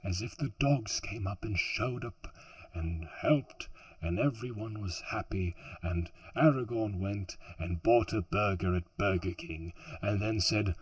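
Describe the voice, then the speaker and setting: A man's voice: on the low side, measured pace, hardly any pauses, husky, no room sound, rough recording. A man reading a fantasy audiobook who keeps stumbling, restarting lines and joking to himself between passages. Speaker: audiobook narrator. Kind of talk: audiobook outtakes with rambling asides.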